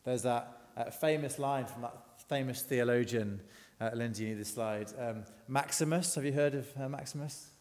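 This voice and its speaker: A man's voice: medium pitch, moderate pace, hardly any pauses, darkish tone, long reverb tail. A man giving a conversational sermon, asking the congregation questions as he goes. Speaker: preacher. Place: church.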